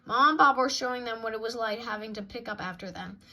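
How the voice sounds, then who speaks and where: A woman reading a children's picture book aloud in an expressive way. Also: on the high side, fast talker, a little hiss or hum. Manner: expressive, sound-effect dings between pages. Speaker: storybook reader.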